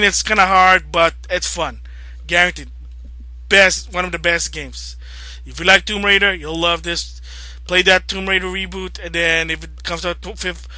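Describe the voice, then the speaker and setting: Man, high voice, rambling game vlog rant, gets worked up and loud. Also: dry recording. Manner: rambling, grows agitated and loud when ranting. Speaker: video game vlogger. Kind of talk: casual opinion vlog rant.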